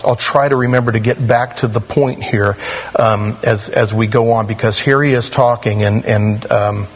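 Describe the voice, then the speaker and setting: A man preaching a sermon in a conversational, animated way, with sudden rises in pitch. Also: breathy edge, low-quality recording. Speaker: pastor.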